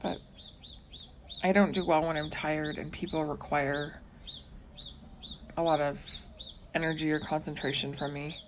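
A tired young woman speaks in a slightly low voice, frank and plain in casual chat. Her talk is sprinkled with 'like', with a faint hiss behind it. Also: fairly even intonation, a little slow, pauses often. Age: young adult. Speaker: podcast co-host.

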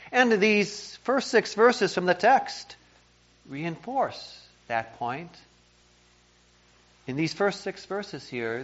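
A pastor with a fairly high, slightly bright voice preaches slowly with lively intonation, earnest and emphatic, occasionally stumbling over a repeated word. The sermon was recorded in a church, and the sound is dull and lo-fi.

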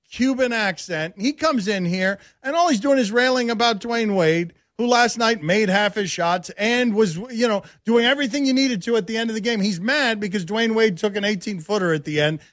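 A man hosting a sports radio show in a studio, ranting and teasing in an animated, sarcastic way. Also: high voice, normal speed, no room sound. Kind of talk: casual sports talk radio. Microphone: studio microphone.

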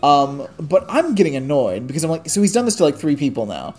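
Podcast co-host, male, higher-pitched, ranting and swearing through an anecdote. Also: wildly swooping pitch, a little fast, darkish tone. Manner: profane, exasperated ranting storyteller. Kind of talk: casual storytelling chat.

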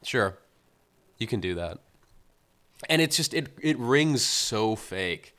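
A man's voice: fairly low pitch, expressive, takes it slowly, sharp tone. A man co-hosting a podcast, casually reviewing a film and retelling scenes with exasperated, acted-out quotes. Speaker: podcast co-host.

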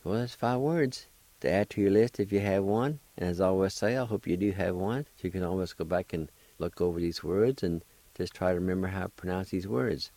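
A man hosting a radio language lesson, spelling out words and repeating each syllable deliberately. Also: low voice, warm tone, no room sound. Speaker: language teacher and radio host.

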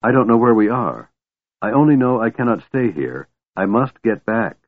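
Guy putting on a jumpy scared man, stammery, voice pushed higher, tinny sound. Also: lively intonation, normal speed, close to an everyday voice. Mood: anxious. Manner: stammering, pleading. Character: frightened middle-aged man, hunted and desperate.

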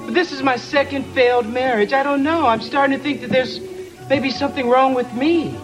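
A man playing a heartbroken, volatile male pop star in a TV sketch, with a high breathy put-on voice over background music. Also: fairly even intonation, a little fast, poor audio. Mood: mournful. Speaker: sketch character. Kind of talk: TV sketch comedy.

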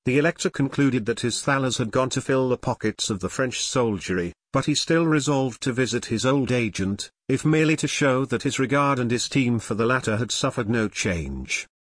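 A man narrating a history audiobook in a steady, measured reading. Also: mid-range voice, no echo, clean studio sound.

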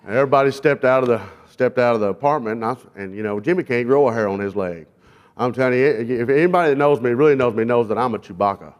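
A man gives a folksy testimony from a church pulpit, mixing jokes about himself with scripture. His voice sits at a medium pitch and has an easygoing, unpolished flow full of "uh"s. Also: fast, highs cut off. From South Arkansas, US. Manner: folksy, self-deprecating, with frequent fillers. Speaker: guest speaker, jail minister. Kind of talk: sermon testimony with humorous storytelling.

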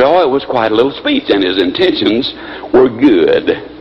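A male motivational speaker telling anecdotes in an animated storytelling manner, on a dull lo-fi recording. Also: medium pitch, moderate pace, slight background noise. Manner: animated storytelling with lively voice shifts. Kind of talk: motivational speech with acted anecdotes.

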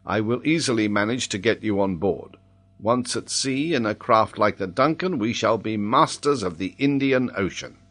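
A man's voice: on the low side, lively intonation, moderate pace, a bit bright. A man reading aloud, voicing a scheming convict ringleader who gives orders with confidence. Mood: commanding.

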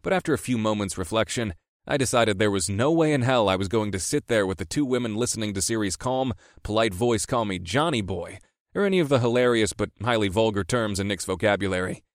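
A man with a fairly low voice reads a first-person novel aloud. His telling is wry and easygoing. The sound is close and dry, with no room around it. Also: expressive, fairly quick, dry recording. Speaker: audiobook narrator. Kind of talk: first-person audiobook narration.

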